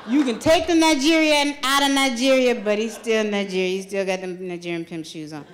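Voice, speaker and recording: A woman's voice: on the high side, a little fast, slight background noise. A woman telling a funny true story on stage at a live storytelling night, laughing through her lines and swearing freely. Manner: animated, laughs through lines, salty language. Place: stage at a live venue with an audience.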